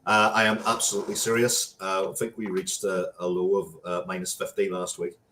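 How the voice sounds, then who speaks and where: A man's voice: sits low, little pitch movement, brisk, sharp tone. A man from Ireland with an Irish accent, a guest chatting in a friendly, hesitant way. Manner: friendly, hesitant with many uhs. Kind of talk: casual interview chat. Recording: faint noise, distant from the mic.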